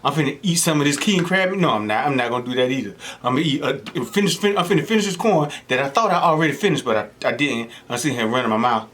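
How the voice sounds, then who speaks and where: Young man, eating-show host; lively, swooping delivery full of voice impressions; faint noise in the room. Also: mid-range voice, quick pace, hardly any pauses. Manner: animated storytelling, mimics voices of people he quotes. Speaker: mukbang host. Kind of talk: casual chat while eating.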